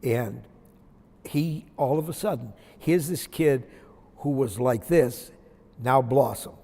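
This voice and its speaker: Older man, retired coach, folksy storyteller, mid-pitched voice, long hall echo. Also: takes it slowly, warm tone. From Maine, USA. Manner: anecdotal, folksy, reflective. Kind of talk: interview storytelling.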